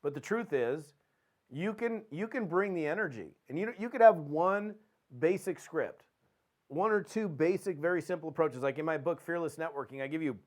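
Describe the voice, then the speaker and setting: A man hosting a podcast, giving an energetic motivational training talk and acting out quick phone calls. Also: on the high side. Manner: animated, acts out phone calls with quick dialogue. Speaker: podcast host and network marketing trainer.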